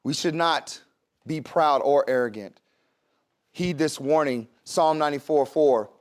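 A man's voice: on the high side, measured pace. A man preaching a sermon in a conversational way, with laughs and asides to the congregation. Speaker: pastor.

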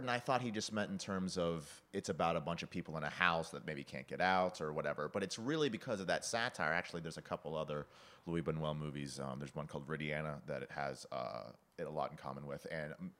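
A man chatting casually about films, telling animated stories and acting out the characters' lines. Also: deep voice. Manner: animated storytelling, acts out quoted lines, laughs often. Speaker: podcast guest discussing film. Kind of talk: casual chat.

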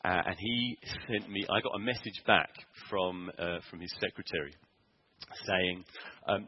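A man preaching in church, telling a personal story earnestly with frequent pauses, ums and restarts. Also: low voice, dull audio, slight background noise. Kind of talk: sermon testimony.

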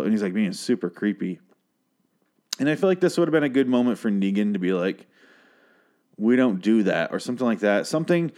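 Talking loosely through a TV episode, this podcaster has a fairly low, slightly mellow voice. His recap is sardonic and full of swearing, and he frequently trails off or starts a thought again.

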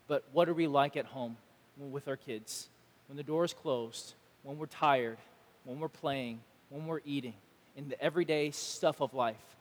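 A man pastor preaching a sermon, animated and emphatic, acting out imagined dialogue. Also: on the high side, in a large hall.

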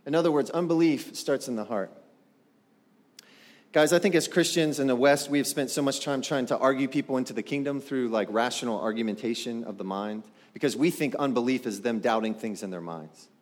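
A male pastor preaching a sermon in an animated way, asking the congregation rhetorical questions. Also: medium pitch, fairly quick. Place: church sanctuary. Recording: long hall reverb.

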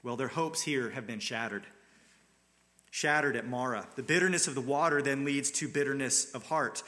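A man's voice: medium pitch, normal speed, bright, forceful tone. A man preaching a sermon, telling the scripture story in an earnest, dramatic way. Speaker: pastor.

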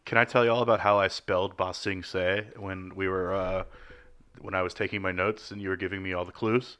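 A man co-hosting a podcast, giving a rambling, deadpan comic recap in casual chat. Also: sits low, brisk, smooth. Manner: rambling, deadpan jokey storytelling. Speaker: podcast co-host.

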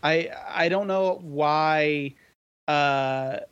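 A man appearing as a guest on a casual podcast, halting with many fillers and swearing. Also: fairly high pitch, fairly bright tone, clean tone, dull audio. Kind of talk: casual chat.

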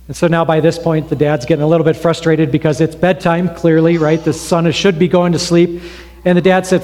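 A man preaching a sermon in a church, telling an illustration story in a conversational way with pauses. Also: fairly high pitch, little pitch movement, a little mellow. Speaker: pastor. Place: church sanctuary. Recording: long reverb of a hall.

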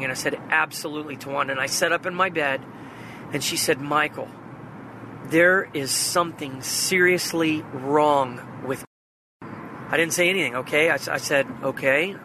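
A man's voice: a little high, normal speed, noisy background. A man earnestly retelling a phone call in a personal faith vlog, recorded in a car. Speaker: vlogger.

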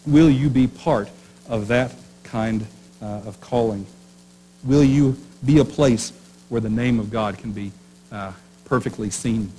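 A man's voice: medium pitch, a little slow, mellow, poor audio. Conversational male preacher with faint hum. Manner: conversational preaching with rhetorical questions and restarts. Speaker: pastor. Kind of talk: sermon.

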